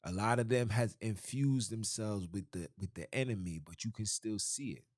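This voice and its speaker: A man's voice: lowish voice, moderate pace, darkish tone, dry recording, clean studio sound. A man delivering an emphatic, preachy podcast monologue, often repeating himself and restarting phrases. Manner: emphatic, repetitive, frequent restarts. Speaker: podcast host.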